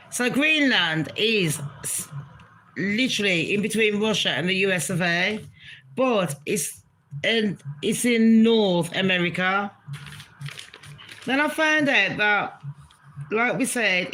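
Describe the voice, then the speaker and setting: A woman rants casually to her livestream chat, blunt and profane with a mocking edge. Her voice is bright and forceful, sitting at a middle pitch. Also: slight background noise.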